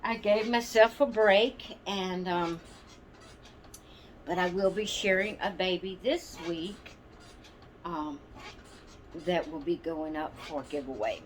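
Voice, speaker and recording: A woman's voice: lowish voice, takes it slowly, long pauses, a little hiss or hum. A woman hosting her doll channel, chatting casually and rambling to viewers with plenty of ums and asides. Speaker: doll channel vlog host.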